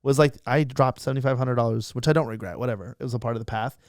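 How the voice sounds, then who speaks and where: Young male guest, rapid storyteller, smooth clear voice, dry close sound, acts out the quotes. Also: mid-range voice, fairly even intonation, a little mellow, dry recording. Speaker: guest, social media creator. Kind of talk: casual storytelling interview.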